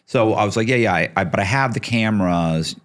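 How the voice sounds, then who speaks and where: A man's voice: on the low side, a little fast. A middle-aged man telling a story as a podcast guest, acting out the people he quotes and swearing casually.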